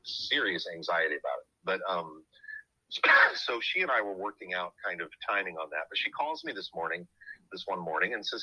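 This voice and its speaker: Low husky-voiced man telling a story. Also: lively intonation, normal speed, bright, forceful tone, no room sound, low-quality recording. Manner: earnest, reflective. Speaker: podcast host. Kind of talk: personal storytelling.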